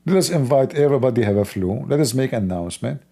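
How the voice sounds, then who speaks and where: A man's voice: mid-range voice, expressive, quick pace, vocal fry, dark tone. A man hosting a livestream, talking in a mocking, sarcastic way. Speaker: host. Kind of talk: livestream commentary.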